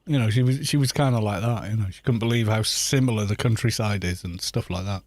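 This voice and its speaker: A man's voice: on the low side, fast, darkish tone, dry recording. A middle-aged man with a London accent, chatting in a rambling way with viewers while he streams a game. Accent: London English. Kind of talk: casual chat while gaming.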